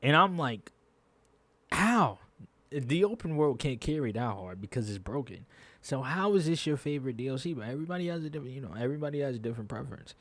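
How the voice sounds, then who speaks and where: A man rants casually to his viewers, exasperated, circling back to the same complaints in loose slang. His voice sits at an ordinary middle pitch. The sound is close and dry, with no room echo. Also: animated, quick pace. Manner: exasperated, repetitive, slangy ranting. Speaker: gaming YouTuber. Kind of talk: casual gaming commentary rant.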